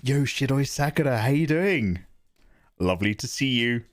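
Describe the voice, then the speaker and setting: A man streaming live art who chats casually with viewers in a rambling, animated way and often laughs. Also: medium pitch, moderate pace. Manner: animated, rambling, laughs into his own impressions. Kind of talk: casual livestream chat.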